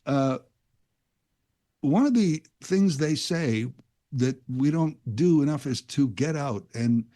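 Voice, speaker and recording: A man guest-hosts talk radio in a dark, mellow voice that is fairly high in pitch, with lively intonation and a slow pace. Close to a studio microphone, he rambles casually through a monologue, admitting like a self-aware storyteller that he's wandering off track.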